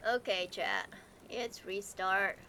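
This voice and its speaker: A woman streaming a game live, chatting with her viewers, excitable and laughing often as she plays. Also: medium pitch, slow pace, slight background noise. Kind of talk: live gameplay commentary.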